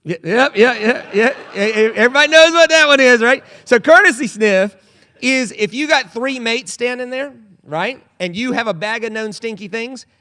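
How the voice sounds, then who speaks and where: A man's voice: very high voice, moderate pace. A male pastor preaching a humorous sermon in a church, telling stories with playful comic voices. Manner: animated storytelling with comic voices. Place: church sanctuary.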